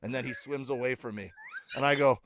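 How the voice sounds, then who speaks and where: Over some background noise, a middle-aged man with a mid-range voice talks fairly quickly as a comedian guest on a casual podcast. He's an animated, filler-heavy storyteller who acts out the quotes in his stories.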